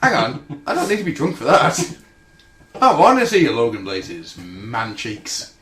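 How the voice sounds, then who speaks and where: A man's voice: medium pitch, huge pitch swings, measured pace, fairly bright tone, faint music behind. A man co-hosting a podcast, boisterous and jokey, laughing often. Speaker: podcast co-host. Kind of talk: casual banter. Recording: roomy with faint noise.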